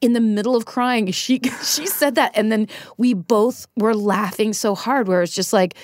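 A woman's voice: a little high, moderate pace, dry recording, clean studio sound. A middle-aged woman speaking candidly and self-deprecatingly as a guest in a casual interview, often laughing as she talks. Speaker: podcast guest.

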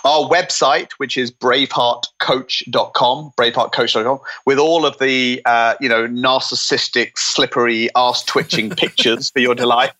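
An Englishman with a bright, forceful voice, talking casually as an interview guest. He is self-deprecating, swears freely and restarts his sentences often. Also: medium pitch, fairly even intonation, normal speed, few pauses. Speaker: sports psychologist guest.

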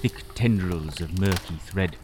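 A man narrating an audio drama in a pompous, florid manner, as a Victorian-style gentleman. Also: sits low, a little slow, noisy background. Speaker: storyteller and sole voice actor.

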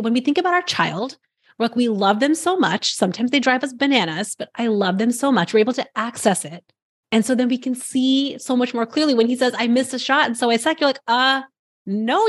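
Higher-voiced woman coaching host. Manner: earnest, encouraging, frequent affirming murmurs. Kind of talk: conversational coaching talk.

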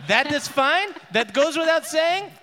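A man's voice: extremely high pitch, lively intonation, a little slow, bright, forceful tone, a little hiss or hum, pitched above the performer's own voice, full character voice. A man voicing a pompous dwarf king in a tabletop game, talking grandly and fussily. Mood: flustered regal. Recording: echoey room with long reverb.

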